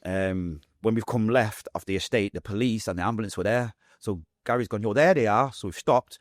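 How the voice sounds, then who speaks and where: A young adult man with a Manchester accent, telling his own story as a podcast guest, fast and vivid, acting out what people said. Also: lowish voice, no room sound, clean studio sound. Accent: Mancunian English. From Manchester, England.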